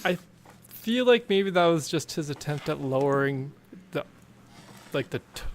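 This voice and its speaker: A man's voice: a little high, lively intonation, a little slow, slight background noise. A man co-hosting a podcast, chatting casually about a movie, easygoing and agreeable, often trailing off mid-thought. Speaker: podcast co-host. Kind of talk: casual movie review chat.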